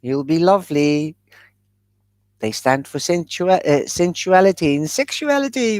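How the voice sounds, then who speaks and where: A woman reads tarot cards for her live viewers, chatty and generous with endearments. She talks at an unhurried, slow pace. Her voice sounds dry and close, with no room around it. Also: on the low side, expressive, a little mellow, no echo. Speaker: tarot reader. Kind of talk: live-stream tarot reading.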